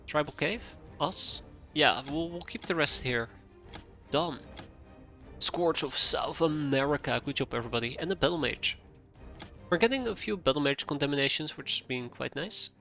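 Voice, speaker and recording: A man streaming a strategy game live, chatting casually to himself as he plays, with quick asides. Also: fairly high pitch, lively intonation, bright, forceful tone. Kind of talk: casual live gameplay commentary. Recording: faint game music behind.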